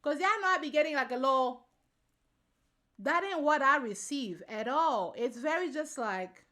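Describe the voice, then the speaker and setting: A woman's voice: high-pitched, lively intonation, normal speed, pushed and bright. A woman vlogger giving casual opinion commentary to her viewers. She talks in slangy, informal speech and repeats her points for emphasis.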